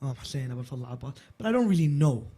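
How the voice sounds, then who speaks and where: A man giving a short introduction and then reciting a mourning poem in a melodic, drawn-out way. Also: medium pitch, animated, warm tone. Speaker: poetry reciter.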